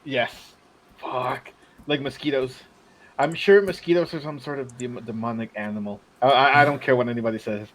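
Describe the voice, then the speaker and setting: A man's voice: medium pitch, normal speed, background noise. A man chatting on a live stream, tossing in crude joking interjections. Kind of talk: casual chat on a live stream.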